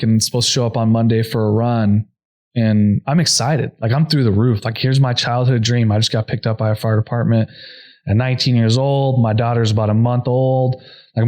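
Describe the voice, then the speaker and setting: A young adult man, a podcast guest, earnestly telling a personal story at a quick clip, full of "like" fillers. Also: medium pitch, steady tone, darkish tone. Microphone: podcast microphone.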